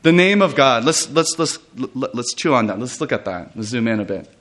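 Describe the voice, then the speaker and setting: A man preaching a retreat sermon, reading scripture and explaining it in an animated way, often laughing and restarting his sentences. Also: mid-range voice, a little fast.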